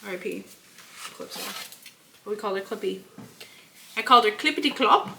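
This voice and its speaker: A woman's voice: mid-range voice, expressive, brisk, vocal fry, sharp tone, low-quality recording. A woman co-hosting a podcast in casual chat, playful and giggly, often breaking into laughter. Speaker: podcast co-host.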